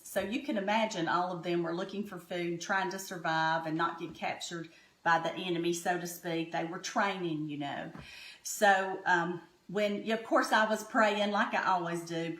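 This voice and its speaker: A middle-aged woman with a Southern American accent, chatting homey and folksy while cooking in her home kitchen. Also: fairly low pitch. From Southern United States. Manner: homey, chatty, warm-hearted storytelling. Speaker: home cook host. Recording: echoey kitchen room.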